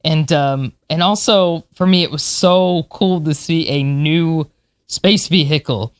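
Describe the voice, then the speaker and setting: A woman in her forties speaks slowly in a low-pitched, clean-toned voice, recorded with no echo. As a podcast co-host and space historian, she is eager and chatty in casual talk, laughing often.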